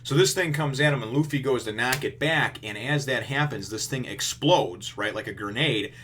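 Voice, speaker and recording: A man's voice: medium pitch, moderate pace, a bit bright, slight background noise. A man reviewing a manga chapter in a casual, rambling way, full of fillers and blunt, profane remarks.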